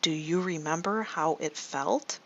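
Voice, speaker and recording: A woman leading a guided story meditation for children, slow and soothing, often asking the listener questions. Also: low-pitched, slight background noise. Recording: dull lo-fi recording.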